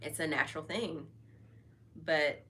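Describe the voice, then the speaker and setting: Bright-voiced woman chatting candidly. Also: low-pitched, measured pace, a little hiss or hum. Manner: candid and chatty, many fillers. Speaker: vlog host. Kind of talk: casual personal talk over wine.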